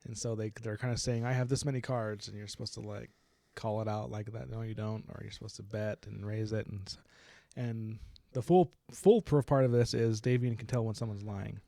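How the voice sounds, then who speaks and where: Brief: young male book podcaster, gravelly and mellow, chatty, giggles through his recap. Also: lowish voice, moderate pace, hardly any pauses, no echo. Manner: laughs often while retelling, uses "like" a lot. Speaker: podcast co-host. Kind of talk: casual book discussion.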